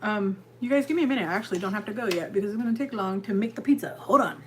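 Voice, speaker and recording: A woman's voice: mid-range voice, racing, fairly bright tone, a little hiss or hum. A woman from California hosting a live stream, chatting casually and rambling as she answers viewers' comments from her kitchen. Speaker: livestream host. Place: home kitchen.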